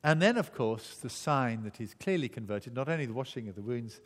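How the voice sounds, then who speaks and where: A man's voice: medium pitch, animated, a little fast. A man preaching a sermon, telling the story vividly and acting out the voices. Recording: echoey hall.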